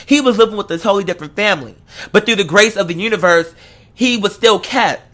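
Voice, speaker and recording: A man with a notably high voice delivers a comic monologue, loose and slangy with plenty of profanity. His tone is bright and forceful, and he pushes into loud, emphatic bursts of praise. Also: quick pace.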